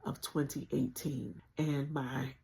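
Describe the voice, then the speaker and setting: A woman with a gravelly, fry-tinged voice recounts a frightening chapter of her life to her livestream audience. She speaks earnestly and conversationally, and her words carry strong spiritual conviction. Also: very deep voice, little pitch movement, slow pace, warm tone. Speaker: channel host sharing a personal story. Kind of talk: emotional personal storytelling on a livestream.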